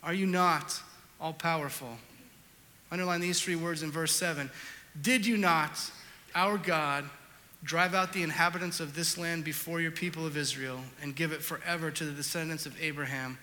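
A male pastor with a fairly high voice preaches a sermon at a moderate pace, his words trailing into a long reverb. He tells a personal story, swinging animatedly between loud outbursts and hushed reflection.

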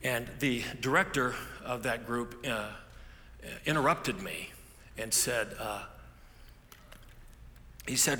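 A man's voice: mid-range voice, slow, long pauses, bright, forceful tone. A man preaching a sermon as a pastor, telling stories in a conversational way with frequent restarts. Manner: conversational storytelling with repeated restarts. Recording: echoey hall with faint ambience.

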